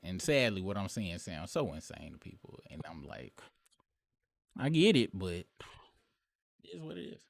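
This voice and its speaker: A man in his late thirties talks straight to his audience in a loose, rambling monologue, swearing freely and leaning hard on certain words. His voice sits low, and the sound is dry and close with no room echo. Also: very animated, moderate pace, pauses often. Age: late 30s. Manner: rambling, profane, emphatic. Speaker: show host. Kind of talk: casual commentary monologue.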